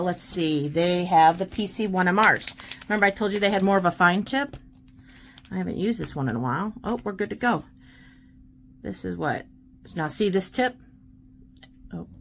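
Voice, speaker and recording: A chatty woman with a lower voice gives a casual art demonstration, encouraging the viewer as she works. Her talk runs loose and friendly, with faint room noise behind her. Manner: chatty, encouraging, talks while working. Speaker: art tutorial host.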